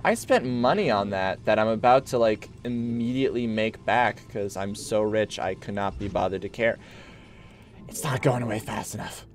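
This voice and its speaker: Soft background music accompanies a man with a lowish voice speaking at a moderate pace during a strategy game stream. Excitable and prone to giggling, he jokes and issues mock-belligerent commands to his units in live gameplay commentary.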